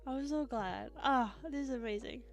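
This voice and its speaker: A woman's voice: high-pitched, normal speed. A young woman streamer chatting casually with viewers, giggly and effusive, swearing freely. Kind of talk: casual live-stream chat reading viewer messages. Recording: faint music behind.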